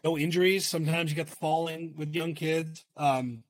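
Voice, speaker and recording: A middle-aged man, a father and coach, co-hosting a casual podcast and talking in an excitable, rambling way with the odd swear word. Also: a little high, normal speed, dry recording. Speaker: podcast co-host. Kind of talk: casual chat.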